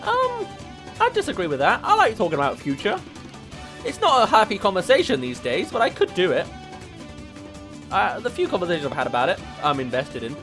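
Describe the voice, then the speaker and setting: Laid-back English man, lively pitch. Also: fairly quick, soft background music. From England. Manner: laid-back, rambling, laughs often, reads quiz questions aloud. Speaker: VTuber streamer. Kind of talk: casual streaming chat.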